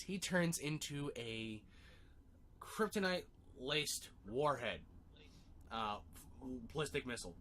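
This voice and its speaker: A man in casual chat, excitedly retelling a film idea and acting out the characters as he goes. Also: fairly high pitch, a little hiss or hum. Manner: animated, acts out voices while retelling a story, laughs often. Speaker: co-host pitching a film rewrite.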